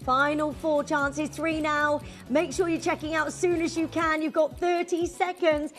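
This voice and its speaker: High-voiced gushing shopping channel woman. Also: little pitch movement, soft background music. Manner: brisk, gushing over the product, counts down the stock. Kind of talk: live sales countdown. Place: TV studio.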